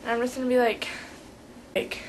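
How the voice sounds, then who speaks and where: A woman's voice: a little high, level tone, a little fast, darkish tone, slight background noise, rough recording. A teenage girl giving a rambling, chatty vlog tutorial, full of fillers. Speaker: vlogger.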